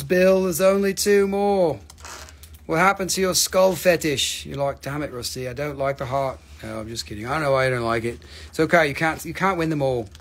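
A man selling rocks on a live stream, teasing viewers by name, swearing casually and joking between prices. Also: fairly high pitch. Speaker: live-stream crystal seller.

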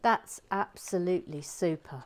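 A woman hosting a casual live stream as she builds, murmuring half-whispered asides to herself and brightening when she reads out to viewers. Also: lowish voice, unhurried. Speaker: host.

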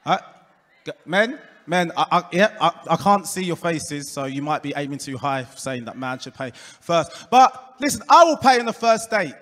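A slightly high-voiced man from England, speaking at a moderate pace in an Essex accent, works through a stand-up set in a comedy club before a live audience. He goes deadpan on punchlines, engages the crowd and mimics quoted people, and the room has a long reverb.

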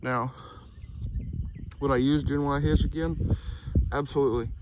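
Unhurried and mid-range in tone, a man talks through his truck hitch outdoors while background noise carries on. He keeps it easygoing and rambling, with many "um"s and "y'all"s.

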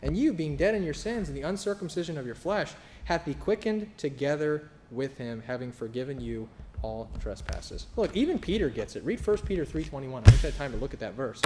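A man's voice: fairly high pitch, big pitch swings, a little fast, reverberant. Man, sermon, casual and sarcastic, slightly raised voice, faint room hum. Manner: casual, sarcastic and flippant in delivery; acts out quoted voices in storytelling. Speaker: preacher. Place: church.

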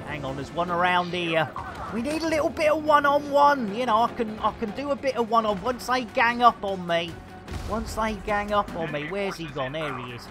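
Excitable high-voiced Yorkshire man streamer. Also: normal speed. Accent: English, Yorkshire. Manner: excitable, shouts and taunts in bursts, British slang. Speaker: gaming streamer. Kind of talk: live gameplay commentary. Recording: game music loud behind.

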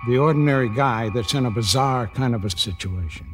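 An older man telling relaxed anecdotes in a documentary interview. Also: mid-range voice, fairly quick, soft background music.

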